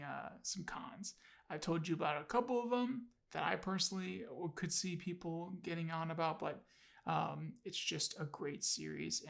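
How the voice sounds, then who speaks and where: A man's voice: fairly high pitch, creaky, a bit bright. A man casually reviewing an audiobook on his channel, enthusiastic and rambling, with many fillers and restarts.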